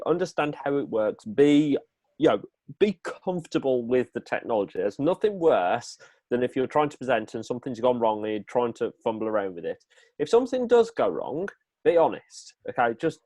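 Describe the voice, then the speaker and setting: A man's voice: mid-range voice, sing-song, moderate pace, a little mellow. An upbeat man coaches listeners on presenting, speaking straight into his webcam. His voice sits in a middle register and sounds dry and close, with no room echo. His delivery is direct and instructive. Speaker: presenting coach giving tips. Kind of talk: instructional chat on a video call.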